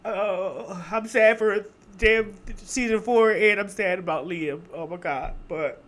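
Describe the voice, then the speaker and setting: High-voiced chatty Philly vlogger man. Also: takes it slowly, fairly bright tone. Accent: Philadelphia. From Philadelphia. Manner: chatty and emphatic, addressing viewers as y'all. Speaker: reaction vlogger. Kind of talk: casual reaction review.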